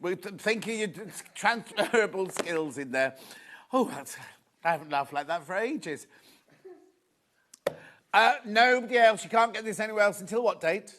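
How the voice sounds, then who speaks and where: Man, shopping channel presenter, from the UK, giggly, reads viewer messages, slightly high voice, studio. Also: lively intonation, normal speed, long pauses, fairly bright tone, a little hiss or hum. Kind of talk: live sales presenting.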